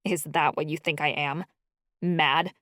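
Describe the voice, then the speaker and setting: A woman's voice: low-pitched, steady tone, a little slow, no room sound, clean studio sound. A woman voicing a fierce, hot-tempered young woman shifter who talks sharply. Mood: defiant. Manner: sharp, snapping.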